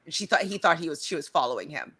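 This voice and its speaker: A woman co-hosting a casual reality show recap, chatty and animated, with lots of likes and restarts. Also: deep voice, fast, breathy edge.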